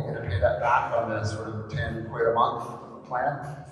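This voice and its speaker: A man's voice: medium pitch, level tone, moderate pace, fairly bright tone. A man, a pastor giving a candid, conversational sermon with rhetorical questions. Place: church service in a large echoing hall. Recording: echoey hall, distant mic, faint room noise.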